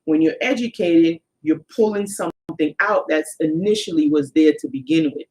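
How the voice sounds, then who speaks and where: On a live-streamed spiritual talk, a woman co-host addresses viewers directly and explains with emphasis. Her voice sits low and is a little mellow, moving at a normal speed.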